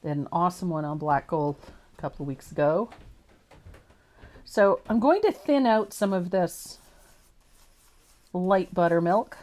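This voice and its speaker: Lady painting teacher on a livestream, kinda low voice, chatty, laughs a lot. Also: animated, a little slow, long pauses, a little mellow. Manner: chatty, laughs easily, self-deprecating. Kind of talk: live painting tutorial.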